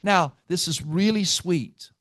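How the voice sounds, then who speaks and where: A man runs a live sales team training, pushing and teasing his listeners and firing questions at them. His voice sits high for a man. The sound is dry and close, with no room around it. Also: slow pace, a bit bright, dry recording. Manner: brash, teasing, quizzes the audience. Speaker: real estate team trainer.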